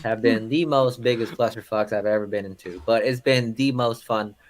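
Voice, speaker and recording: A man's voice: on the low side, moderate pace, a crowd in the background. A young man co-hosting a live movie podcast, joking around and swearing in a laid-back way. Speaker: podcast co-host. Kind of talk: casual live-stream chat.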